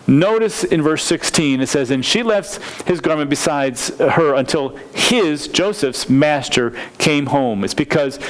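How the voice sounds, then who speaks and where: Man teaching scripture verse by verse. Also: on the high side. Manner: explanatory, stops often to restate points; reads scripture slowly and deliberately. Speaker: pastor.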